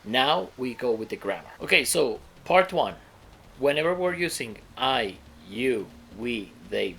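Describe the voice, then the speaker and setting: A man's voice: medium pitch, very animated, normal speed, vocal fry, sharp tone, a little hiss or hum. A man teaching an English grammar lesson, explaining step by step and often checking in with the viewer.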